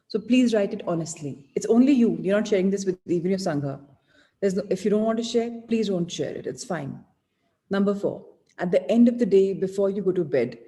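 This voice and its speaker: Encouraging woman in a reverberant hall. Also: mid-range voice. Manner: gentle, encouraging, repeats key points. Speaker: self-help course leader. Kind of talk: guided self-help lesson.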